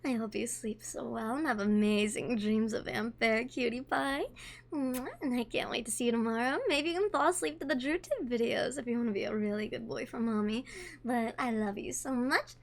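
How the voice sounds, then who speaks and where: A woman doing a soft doting mommy voice. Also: fairly high pitch, normal speed, vocal fry, pitched below the performer's own voice. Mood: soothing, doting. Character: soothing motherly woman saying goodnight. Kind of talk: bedtime voice role-play.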